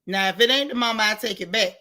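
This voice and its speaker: Woman ranting casually to her live chat, bright sharp voice, blunt and animated. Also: medium pitch, quick pace. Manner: outspoken, animated, colloquial, talks back to the chat. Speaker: live-stream host reading viewer comments. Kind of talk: casual live-stream commentary.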